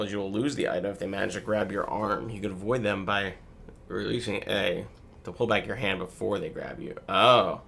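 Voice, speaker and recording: A man's voice: deep voice, gravelly, fairly bright tone, a little hiss or hum. A man casually commenting on a horror game he is playing, rambling with many fillers, on a desk mic at home. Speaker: gameplay video host. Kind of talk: casual let's play commentary.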